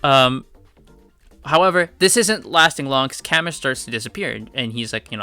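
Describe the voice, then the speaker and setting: A man recapping comic chapters in a casual, chatty way, with lots of fillers and quick asides. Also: medium pitch, lively intonation, pushed and bright, clean tone, faint music behind. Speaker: comic reviewer.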